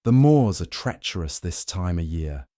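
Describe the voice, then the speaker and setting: A man's voice: sits low, big pitch swings, measured pace, dark tone, dry recording, clean studio sound. A man voicing a wiry, weathered Yorkshire groundskeeper with a thick Yorkshire accent, terse and guarded. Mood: wary.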